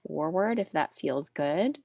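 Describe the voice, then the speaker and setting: A woman leading a Pilates class over a video call, her low voice roughened by a gravelly fry. She counts and cues with a calm, soothing steadiness, and the sound is close and dry with no room around it. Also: takes it slowly, no echo. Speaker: Pilates instructor. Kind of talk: cueing a mat Pilates class.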